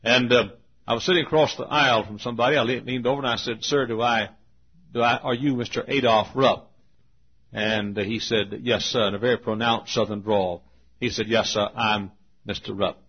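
A husky man preaching, his voice dull and muffled on an old lo-fi tape. He tells a story as a pastor, clears his throat often, trips back over phrases, and slows right down on the words he wants to land. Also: medium pitch, fairly even intonation. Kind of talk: sermon storytelling.

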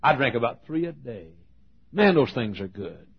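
An older man, a pastor, preaching a sermon with a loud voice and lively storytelling. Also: mid-range voice, moderate pace, breathy edge. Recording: dull lo-fi sermon recording.

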